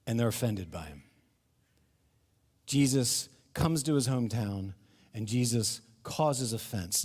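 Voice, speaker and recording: A middle-aged man preaching a sermon in a church, animated and acting out the crowd's questions. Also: medium pitch, takes it slowly. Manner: animated, acts out crowd voices, laughs between points. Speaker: pastor. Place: church sanctuary. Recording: long reverb of a hall.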